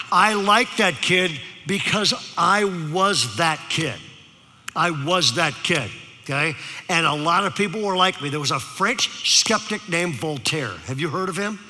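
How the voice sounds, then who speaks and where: A pastor tells stories from the pulpit in an unhurried yet animated way, his voice a little high and sharp in tone. He keeps turning to the congregation with "okay?", and the room's long hall reverb is clearly audible.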